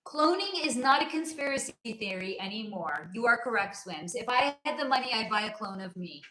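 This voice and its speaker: A woman's voice: a little high, animated, fairly quick, pushed and bright, slight background noise. A woman hosting a casual livestream, answering viewer comments in a blunt, outspoken way and swearing freely. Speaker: livestream host. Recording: echoey room.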